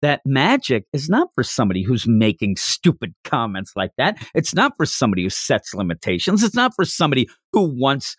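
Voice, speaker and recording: A man casually talking through a manga story, animated and slipping into voices for quoted lines. His pitch swings widely. The recording is close and dry, with no room sound. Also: a little fast, few pauses, slightly rough, no room sound. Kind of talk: casual chat reviewing a manga.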